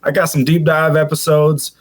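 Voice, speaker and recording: Midwestern male guest, relaxed chatter, slightly higher pitch, easygoing podcast talk. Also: moderate pace. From American Midwest. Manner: laid-back, drops into a deep announcer voice at times. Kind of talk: casual chat.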